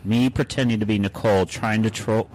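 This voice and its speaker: A man's voice: on the low side, fairly even intonation, fairly quick, a little mellow, a little hiss or hum. A man co-hosting a podcast, casually reading group chat messages aloud in mock voices and laughing often. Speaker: podcast co-host.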